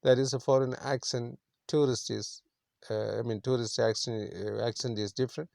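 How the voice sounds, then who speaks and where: A man's voice: mid-range voice, steady tone, normal speed, gravelly, a little mellow, no echo. A man teaching an English story lesson, explaining words simply and repeating himself with many fillers. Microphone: screen recording.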